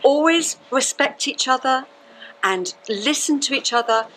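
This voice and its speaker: A woman's voice: high voice, animated, unhurried, fairly bright tone, a little hiss or hum, rough recording. An amateur actress playing a motherly aunt who hands out marriage advice. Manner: motherly, instructive. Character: doting, advice-giving elderly aunt. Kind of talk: amateur stage acting.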